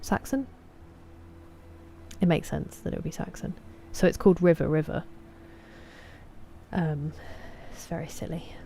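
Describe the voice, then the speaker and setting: A woman's voice: on the low side, fairly even intonation, a little slow, long pauses, warm tone, a little hiss or hum. A young woman from England with an English accent, streaming a game and chatting casually with her live chat, greeting viewers by name. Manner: chatty, reads viewer names and greets them.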